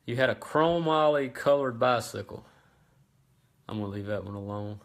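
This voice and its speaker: A man hosts a casual how-to livestream from his work bench, his voice sitting at an ordinary middle pitch. He talks in a relaxed, chatty way and often stops to um and restart his sentences. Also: moderate pace. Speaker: host of a racing parts livestream.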